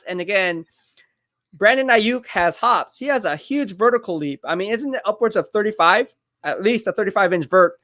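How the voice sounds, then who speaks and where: Man, high voice, live football stream host, excitable, hypes his calls, home streaming mic. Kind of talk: live football watch-party commentary.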